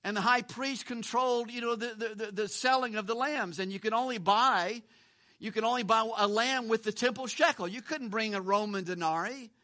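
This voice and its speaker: High, bright-voiced male preacher. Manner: conversational, repeats words, asks rhetorical questions. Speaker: pastor. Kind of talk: sermon.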